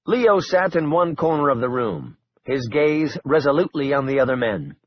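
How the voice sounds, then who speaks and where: A man narrating an audiobook in a steady, even storytelling voice, on a muffled lo-fi recording. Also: on the high side, normal speed, no echo.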